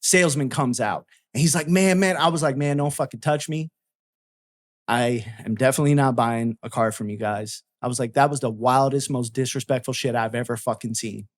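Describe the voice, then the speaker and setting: A man's voice: mid-range voice, steady tone, fairly quick. A man telling a story in casual chat, swearing freely and acting out both sides of a heated argument.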